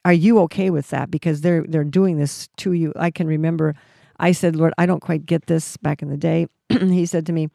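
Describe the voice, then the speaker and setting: A woman's voice: low voice, steady tone, normal speed, creaky, warm tone, no room sound, studio quality. A woman leading a ministry, giving a Christian teaching talk in a fervent, exhorting way with frequent restarts. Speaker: ministry leader and Bible teacher.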